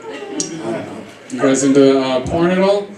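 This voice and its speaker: High-voiced brash young comedian on stage. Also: male voice, huge pitch swings, moderate pace, very noisy. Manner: brash, profane, self-mocking storytelling. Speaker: stand-up comedian. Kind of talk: stand-up routine. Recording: roomy club sound from a distance, with audience laughter.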